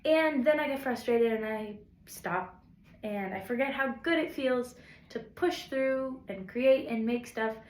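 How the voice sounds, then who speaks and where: A woman's voice: a little high, a little slow. Encouraging woman in an echoey room. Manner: rambling, encouraging, self-deprecating. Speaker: songwriter vlogger. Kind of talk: casual reflective talk to camera.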